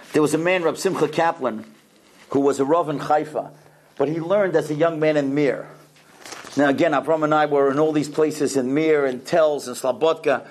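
A man telling stories in a talk, animated and often repeating his words as he starts a sentence. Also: on the high side. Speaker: speaker telling religious stories. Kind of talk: anecdotal storytelling talk.

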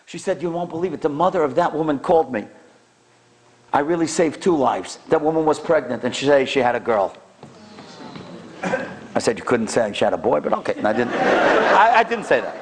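Animated high-voiced rabbi telling stories. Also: male voice, a little fast, a little hiss or hum. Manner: animated, acts out the people in his stories with big jumps in pitch and loudness. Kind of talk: sermon storytelling.

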